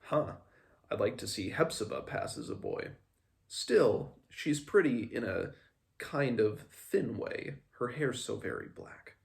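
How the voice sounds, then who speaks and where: A man reading aloud the inner thoughts of a fifteen-year-old boy, in a slow, musing way. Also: medium pitch, big pitch swings, creaky, exaggerated voice.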